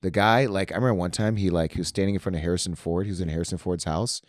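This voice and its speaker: A man's voice: low-pitched, racing, dry recording, clean studio sound. A man co-hosting a casual podcast, telling stories with lots of acted-out bits. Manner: animated storyteller who acts out anecdotes. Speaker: podcast co-host. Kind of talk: casual chat.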